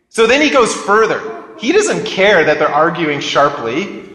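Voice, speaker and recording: A man's voice: high-pitched, lively intonation, a little slow, pushed and bright. A man preaching a sermon and reading scripture, talking conversationally and prodding his listeners with asides. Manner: conversational, keeps prodding listeners with "get this" and "right?". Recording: echoey reverberant hall.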